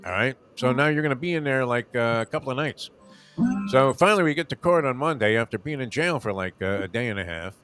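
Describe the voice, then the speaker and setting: A man's voice: medium pitch, expressive, quick pace, a bit bright, soft background music. A man in his sixties, a radio host, telling a long rambling story in casual chat, full of fillers and restarts.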